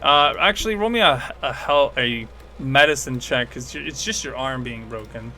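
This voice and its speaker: A man narrating a tabletop game as game master in a casual, animated storytelling way. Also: medium pitch, normal speed, soft background music.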